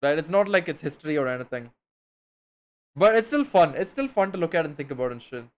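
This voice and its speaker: A man's voice: on the high side, very animated, fast. A young man from India, chatting casually with his stream viewers in a slangy, rambling way, swearing now and then.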